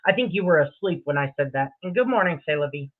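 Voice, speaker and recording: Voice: medium pitch, lively intonation, quick pace. Profane livestream host over tinny audio. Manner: profane, greets viewers by name. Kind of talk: casual livestream chat.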